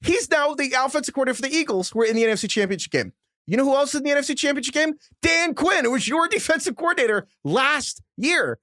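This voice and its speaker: Animated man ranting on a sports podcast. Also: extremely high pitch, fast talker, no room sound, studio quality. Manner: animated, exasperated ranting with restarts. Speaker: podcast co-host. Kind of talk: casual sports chat.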